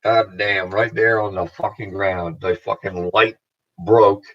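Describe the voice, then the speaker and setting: A man with a very low voice drifts through a loose, profane monologue, stopping and restarting his thoughts. The recording sounds dull and lo-fi, with the top end rolled off. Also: steady tone. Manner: meandering, profane, halting restarts. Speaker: vlogger. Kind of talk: rambling casual monologue to camera.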